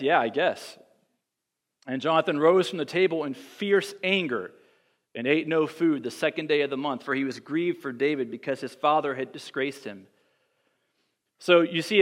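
Animated pastor in an echoey hall. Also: male voice, fairly high pitch. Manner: animated, wry asides, quick laughs. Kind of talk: sermon. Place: church.

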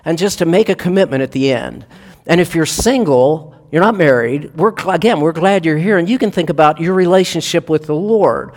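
A man's voice: fairly high pitch, brisk. Man preaching in a reverberant church. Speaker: pastor. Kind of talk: sermon.

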